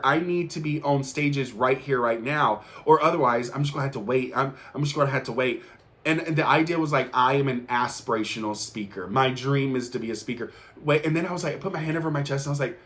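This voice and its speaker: A man's voice: medium pitch, fairly quick, a bit bright. A young man hosting his own show, giving an earnest, emphatic motivational talk and repeating key lines for effect. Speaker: podcast host. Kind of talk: motivational monologue.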